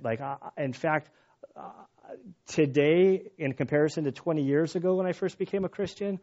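A middle-aged man preaching a sermon as pastor, earnest and halting, often restarting his phrases. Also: on the high side, a little mellow. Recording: dull lo-fi sound.

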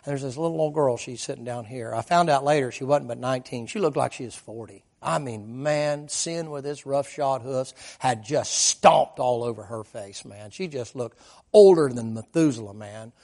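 A man's voice: medium pitch, normal speed, vocal fry, darkish tone. A man preaching a sermon as a vivid, folksy story, dropping "man" and "boy" into his sentences.

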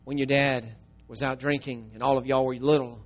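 Middle-aged preacher, storytelling sermon, gets loud then real quiet, kinda dull audio. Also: male voice, mid-range voice, steady tone, normal speed. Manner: swings from loud emphatic telling to soft tearful hush.

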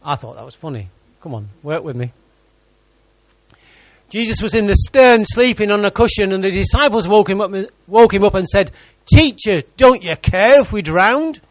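A man's voice: high voice, lively intonation, normal speed, no room sound, dull audio. A man preaching a sermon in church, reading scripture and joking with the congregation.

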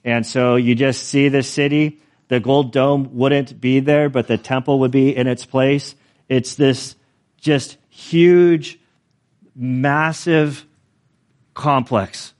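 Male pastor, mid-pitched, conversational sermon delivery with self-deprecating asides. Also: fairly even intonation, slow pace, a little mellow.

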